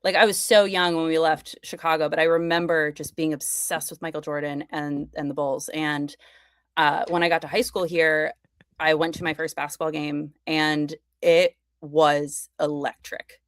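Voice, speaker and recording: A woman's voice: low-pitched, flat delivery, moderate pace, dry recording, studio quality. A young woman guest on a podcast, chatting eagerly about her work, with lots of likes and you-knows. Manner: enthusiastic, chatty, many fillers. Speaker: podcast guest, fashion content creator. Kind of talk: casual conversation.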